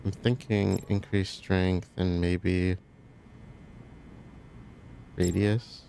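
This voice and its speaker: A man narrates his gameplay in a low, gravelly voice with a touch of vocal fry. He chats loosely and thinks out loud as he works through menus, in a relaxed, unhurried way. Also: slight background noise. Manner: relaxed, thinking aloud, chatty asides. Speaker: let's play host. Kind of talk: casual gameplay commentary.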